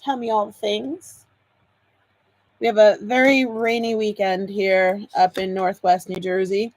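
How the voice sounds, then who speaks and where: A woman's voice: mid-range voice, flat delivery, a little slow, dry recording. A woman hosting a live card-making demo, chatty and bubbly, laughing often and greeting viewers by name.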